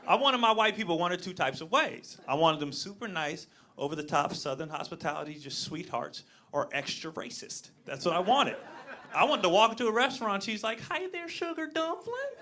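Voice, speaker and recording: A man performing a live stand-up set on a comedy club stage, telling stories loudly and acting out voices into a handheld mic. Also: sits high, a little fast. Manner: loud, animated storytelling with acted-out voices. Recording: live club crowd and noise.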